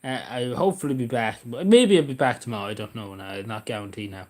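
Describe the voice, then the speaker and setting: A man's voice: medium pitch, fast talker. A man talks casually into a desk mic on his livestream. He rambles, making sarcastic, jokey asides as he goes. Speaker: livestream host.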